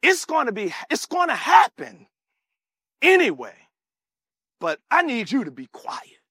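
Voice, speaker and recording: A man's voice: very high-pitched, wildly swooping pitch, a little slow, pushed and bright, breathy edge, no room sound, clean studio sound, full character voice. A man preaching, voicing a stern male archangel with an emphatic, paraphrased delivery.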